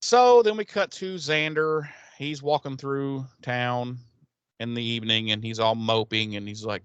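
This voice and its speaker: A man's voice: medium pitch, normal speed, fairly bright tone, smooth, no echo. A man co-hosting a podcast, recapping a TV episode in casual chat, rambling and swearing with laughs. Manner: rambling, profane, laughing storyteller. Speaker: podcast co-host.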